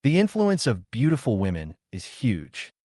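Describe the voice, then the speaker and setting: A man narrating a story recap in a plain, even reading. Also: medium pitch, normal speed, no echo, clean studio sound.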